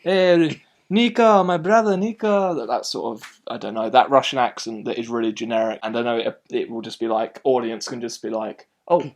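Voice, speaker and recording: A man hosting a casual film review, speaking at an ordinary mid pitch. He rambles in an animated way, restarting sentences often as he chats through his opinions. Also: fairly quick, gravelly, few pauses.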